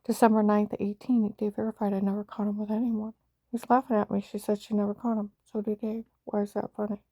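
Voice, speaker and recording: A woman's voice: mid-range voice, flat delivery, a little fast, mellow, no room sound. A woman recounting her own experience in an agitated, rambling way, jumping between quoted speech and narration. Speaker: vlogger telling her own story. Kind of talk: rambling personal account.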